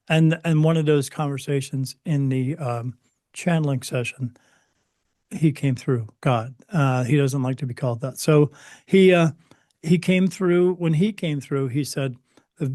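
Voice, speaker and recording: A man's voice: medium pitch, dark tone, no room sound. Hesitant man with a dry close sound. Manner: hesitant, many fillers and restarts. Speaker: interview guest. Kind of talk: recounting personal spiritual experiences.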